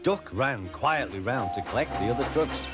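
A man narrating a children's cartoon in a gentle, expressive storybook style. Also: mid-range voice, moderate pace. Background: music.

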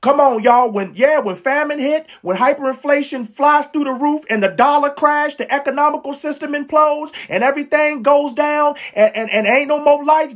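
A woman's voice: high voice, normal speed, few pauses. A woman preaching a live sermon, fervent and emphatic, repeating lines and calling out to her listeners in casual, slangy speech. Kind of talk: live-streamed street-style sermon.

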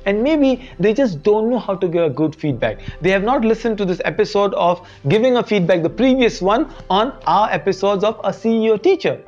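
Brisk and expressive with few pauses, this host and teacher trainer has a high voice with a darkish tone. He delivers a motivational talk about feedback, repeating his main points, and faint music sits under the dull lo-fi recording.

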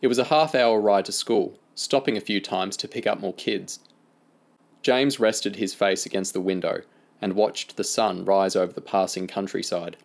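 A man with a lowish voice reads a novel aloud as an audiobook reader. His narration is steady and even. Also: moderate pace, gravelly.

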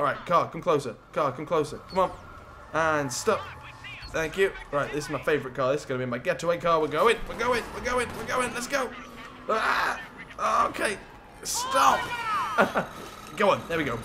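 A young man giving excitable, jokey gameplay commentary as a gaming YouTuber. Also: fairly high pitch, brisk, noisy background. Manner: excitable, jokey, swears and laughs often.

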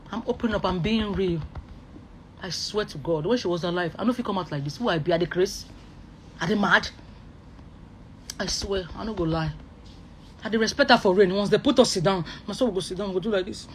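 A speaker with a Nigerian accent, pouring out an emotional online rant in a voice of middling pitch. The talk is emphatic and full of repeated oaths, jumping between loud bursts and quiet murmurs. A faint noise sits under the recording.

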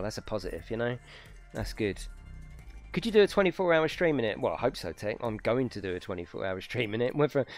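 A man hosting a live racing stream from his home rig, chatting casually with viewers, swearing and exaggerating as he talks. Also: mid-range voice.

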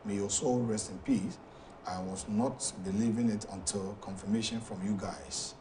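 A man with a Ghanaian accent hosting a talk show, reading viewer messages aloud in a halting way with many fillers. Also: fairly low pitch, distant mic, background noise.

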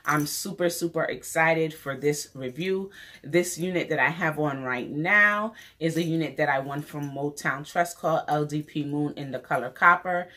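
Her voice is low-pitched, bright and pushed as this New York woman chats through a casual wig review on her beauty vlog. Full of enthusiasm, she keeps repeating phrases to stress her points.

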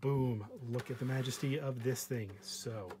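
A vintage computer hobbyist shows off an old terminal in a casual show-and-tell vlog, filling it with jokes and filler words and sometimes drifting away from the mic. His medium-pitched voice is fairly even and unhurried, with background noise audible.

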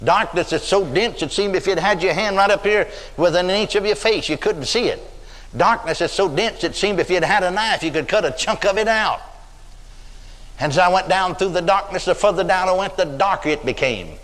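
Older preacher, high voice, hall reverb. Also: male voice, a little fast, a bit bright. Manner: folksy storytelling, acts out quoted voices. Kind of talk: sermon.

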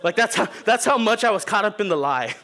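High-voiced and quick, a young pastor delivers a sermon built around a funny tale. He performs it with animation and jokes, mimicking each person in the story.

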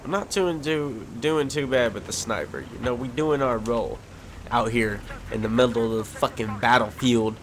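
A man commentating his own online shooter match, swearing constantly and quick to rage. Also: medium pitch. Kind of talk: casual gameplay commentary. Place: at home in front of a big TV. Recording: loud game gunfire and vehicle noise behind.

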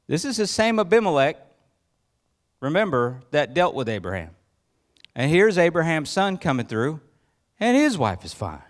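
A male pastor preaching a sermon in church, telling the story with lively acted-out voices and questions to the congregation. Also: a little slow, pauses often. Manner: acts out quoted voices with rising pitch.

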